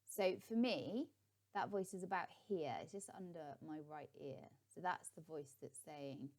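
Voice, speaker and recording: A woman's voice: on the low side, measured pace. A middle-aged woman, a life coach, giving a guided visualisation tip in a chatty, encouraging way with many ums.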